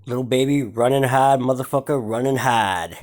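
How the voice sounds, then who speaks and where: A man hosts his own gossip vlog in a loose, mocking rant. He leans on slang, swearing and fillers as he talks straight to the camera about hip-hop drama. His voice sits at an ordinary middle pitch. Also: normal speed, crowd noise. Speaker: vlog host.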